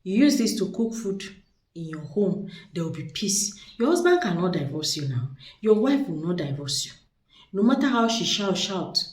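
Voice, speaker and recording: A woman's voice: fairly low pitch, big pitch swings, normal speed. A woman showing off spiritual products in a chatty, persuasive way, repeating words for emphasis. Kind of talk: casual product showcase. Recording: echoey room, distant mic.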